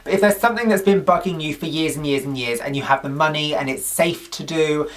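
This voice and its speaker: A man's voice: on the high side, fairly quick, far from the mic. A man vlogging to camera in a chatty, gushing, upbeat way. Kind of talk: casual talk to camera.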